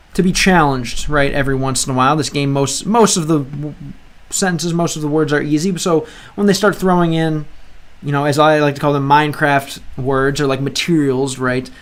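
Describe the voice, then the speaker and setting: High-voiced man chatting over gameplay. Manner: chatty, restarts often, reads game lines aloud and translates. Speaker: language-learning gaming creator. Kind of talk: casual gameplay commentary.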